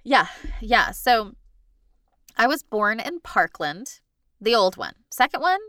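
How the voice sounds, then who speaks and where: A woman co-hosting a casual podcast reads a listener's story aloud in a higher voice at a slow pace, recorded with clean studio sound and no echo. She is animated, laughs often, and adds frequent asides.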